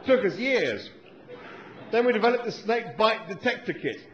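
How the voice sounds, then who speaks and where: A man's voice: high voice, big pitch swings, normal speed, reverberant, highs cut off, pitched above the performer's own voice. A man doing a put-on Australian accent as a grumpy, rambling middle-aged venom scientist, fussy and exasperated. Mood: grumbling.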